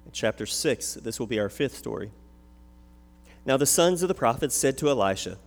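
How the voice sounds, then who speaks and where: A man serving as a pastor, reading scripture aloud and praying in a measured, earnest way. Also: mid-range voice, lively intonation. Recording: long hall reverb.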